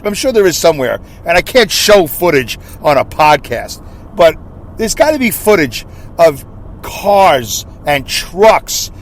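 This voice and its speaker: A New York man talks to his listeners while driving, a little high-pitched and rambling. He jokes at his own expense and repeats catchphrases. Faint car noise hums underneath. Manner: rambling, jokey, self-mocking. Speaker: podcast host. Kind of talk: casual monologue while driving. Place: inside a car on a highway. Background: car and road noise.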